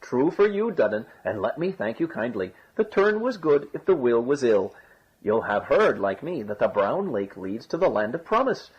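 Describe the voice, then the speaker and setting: A man voicing a sly young rogue, wheedling and boastful, in a high voice. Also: sing-song, moderate pace, husky. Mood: smug. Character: sly young Irish rogue, quick-tongued trickster. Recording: dull lo-fi recording.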